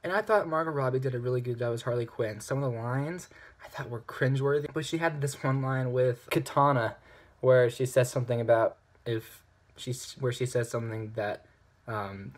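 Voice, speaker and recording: Animated man ranting in a movie review. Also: medium pitch, normal speed. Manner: animated, ranting, with voiced outbursts. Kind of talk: casual spoken movie review.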